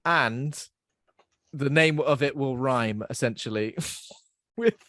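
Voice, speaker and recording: A man's voice: medium pitch, slow pace, a bit bright, no room sound. A young man hosting a podcast in casual chat, rambling and self-deprecating as he laughs at his own jokes. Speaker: podcast host.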